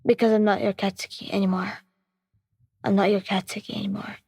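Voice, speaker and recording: Brief: woman playing a furious, jealous young man, cursing, breathy voice, echoing reverb. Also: medium pitch, little pitch movement, brisk, a little mellow, clean studio sound. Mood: cold. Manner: snarling, cursing, accusing. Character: hot-tempered jealous young male boyfriend.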